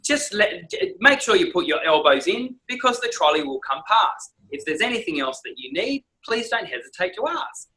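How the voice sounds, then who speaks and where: A man imitating a polite female flight attendant making a cabin announcement in a smooth, courteous tone. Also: high voice, sing-song, moderate pace, hardly any pauses, pushed and bright, full character voice, poor audio.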